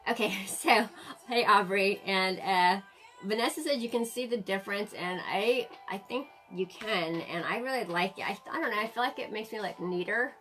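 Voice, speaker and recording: A woman's voice: medium pitch, normal speed, a bit bright, faint music behind. A woman in her forties hosting a casual live-stream makeup tutorial, chatting to viewers and laughing often. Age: 40s.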